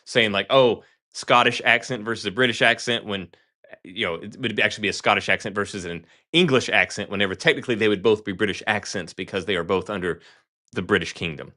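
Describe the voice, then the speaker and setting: A man's voice: fairly low pitch, fairly quick, pushed and bright. A man hosting a podcast in casual chat, rambling and correcting himself with a joking tone. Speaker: podcast host.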